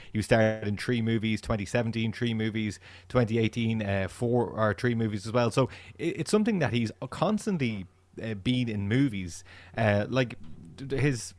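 A man with a fairly low voice co-hosting a casual film podcast, steadily listing facts and years. The sound is close and dry. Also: no room sound. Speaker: podcast co-host.

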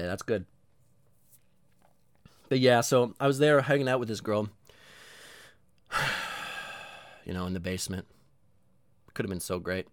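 A man's voice: lowish voice, normal speed, pauses often, no room sound, clean studio sound. A man hosting his own show in a casual solo monologue, rambling, swearing and mocking himself with lots of energy. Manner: rambling, profane, self-mocking. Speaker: podcast host.

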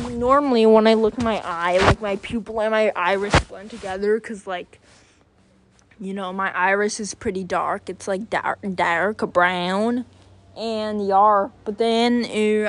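A woman talking to her channel in a loose, wandering monologue, circling back with fillers and false starts. She speaks slowly and unhurriedly at a middling pitch for a woman. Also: dry recording. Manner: rambling, many filler words and restarts. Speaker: channel host. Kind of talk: casual rambling monologue.

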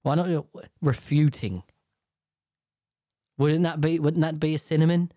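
A man's voice: a little high, fairly even intonation, a little slow, dark tone, no room sound, clean studio sound. A man reading news stories aloud, stumbling over hard words and ranting about them with lots of swearing. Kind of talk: casual reaction commentary.

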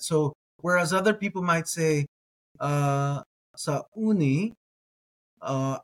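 Slow, hesitant man sounding out syllables. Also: fairly high pitch. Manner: sounds out words syllable by syllable, self-correcting; hesitant, with frequent ums and uhs. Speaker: Hebrew teacher. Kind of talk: slow reading lesson.

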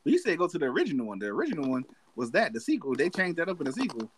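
A man hosting a casual podcast chat, animated and profane, laughing often. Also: on the high side, racing, husky, no echo. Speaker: podcast host.

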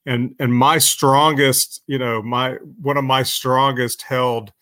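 A man's voice: mid-range voice, little pitch movement, slow pace, bright, forceful tone, dry recording. A man in a casual livestream chat, rambling with lots of fillers and crude language. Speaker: podcast co-host.

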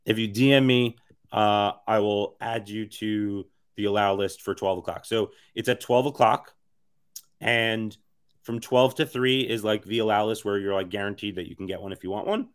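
A man with a raspy, hoarse voice talks as an interview guest, rambling with lots of fillers and restarts. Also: lowish voice, fairly even intonation, normal speed. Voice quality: raspy, worn voice. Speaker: interview guest, NFT project co-founder. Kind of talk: casual podcast interview.

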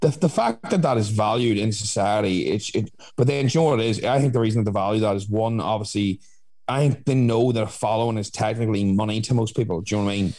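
A man talks quickly in a fairly low voice, rambling through his points. He stacks up fillers as he goes and speaks frankly in relaxed conversation. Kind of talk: casual chat.

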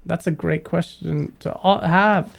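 A man's voice: on the high side, fairly even intonation, a little slow, gravelly. A man hosts a laid-back gaming live stream. He reads viewer super chats aloud and turns to his guests with questions. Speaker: stream host. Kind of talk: casual live-stream chat.

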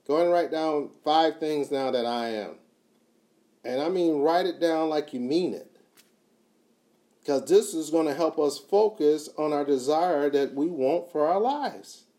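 A man giving a motivational talk, emphatic and repetitive, swinging from quiet to loud. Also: a little high, measured pace. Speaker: motivational speaker.

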